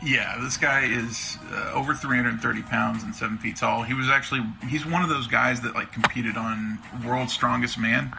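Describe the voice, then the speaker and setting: Gravelly man rambling over loud music. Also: mid-range voice, steady tone, moderate pace, hardly any pauses, poor audio. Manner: opinionated, rambling, filler-heavy. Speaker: co-host presenting a cast reveal. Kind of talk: casual live-stream chat.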